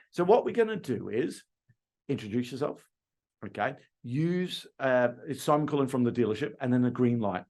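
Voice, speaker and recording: Middle-aged aussie guy teaching car sales, voice jumps all over, acts out phone calls. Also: medium pitch. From Australia. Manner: animated, acts out customer calls in quotes. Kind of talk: training talk with role-played phone calls.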